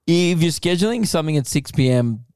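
A man's voice: on the high side, expressive, fairly quick, a little mellow, smooth, no room sound, clean studio sound. A young man co-hosting a comedy podcast, bantering bluntly and crudely. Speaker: podcast co-host. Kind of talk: casual comedy podcast chat.

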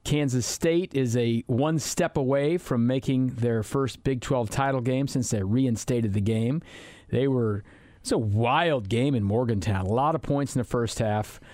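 A man hosting a sports talk radio show in the studio, chatty and rambling with quick asides. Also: mid-range voice, darkish tone, no echo. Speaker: fill-in sports radio host. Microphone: studio microphone.

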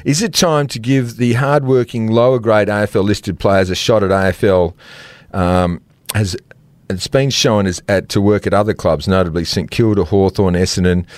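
A middle-aged Australian man co-hosting a sports podcast, telling stories with lots of laughs and animated swings into quoted voices. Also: moderate pace, no room sound. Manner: animated storyteller, laughs often, jumps pitch for quoted voices. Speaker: podcast co-host. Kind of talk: casual sports chat.

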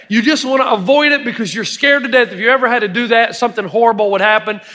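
Middle-aged guy preaching, high bright voice, lots of stories and asides to the crowd, big echoey hall. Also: fast, few pauses. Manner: storytelling, emphatic with audience asides. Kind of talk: sermon.

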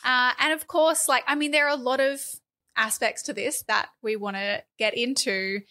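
Bright sarcastic Australian woman podcaster. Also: fairly high pitch, fairly even intonation. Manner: quick, sarcastic, many fillers and restarts. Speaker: podcast co-host. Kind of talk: casual political chat.

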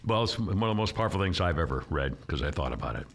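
A man's voice: low-pitched, very animated, fast, creaky, a bit bright. A man hosting a casual talk show who rambles, stops himself mid-sentence and chuckles. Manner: rambling, self-interrupting, chuckling.

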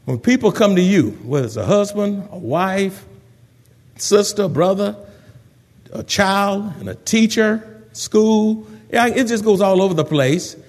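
A man preaching a sermon in an animated way, acting out the voices of gossiping people. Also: sits high, measured pace, in a large hall. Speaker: pastor.

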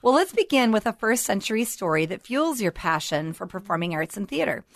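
A woman's voice: mid-range voice, big pitch swings, a little fast, dry recording. A woman co-hosting a talk show, asking questions and responding with engaged affirmations. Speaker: co-host.

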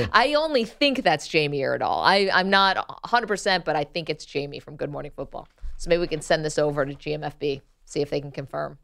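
A woman's voice: low voice, animated, vocal fry, fairly bright tone. A woman from upstate New York with a faint upstate accent, co-hosting a sports radio show in casual banter and laughing often. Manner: laughs often, reads promos quickly.

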